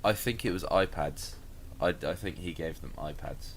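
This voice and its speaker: A man's voice: extremely low pitch, moderate pace, creaky, a little hiss or hum. A man co-hosting a casual podcast chat, joking, laughing often and swearing. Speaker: podcast co-host.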